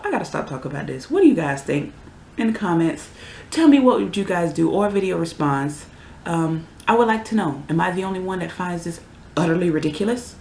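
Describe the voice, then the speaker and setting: Gravelly young adult ranting in an echoey room. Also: medium pitch, a little mellow, a little hiss or hum. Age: 20s. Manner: heated, exasperated ranting with sudden outbursts. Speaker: vlogger. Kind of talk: casual ranting vlog. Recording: roomy echo.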